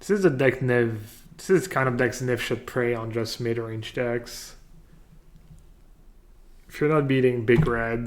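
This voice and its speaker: A man casually commentating his own card game on a live stream, joking and thinking aloud as he plays. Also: medium pitch.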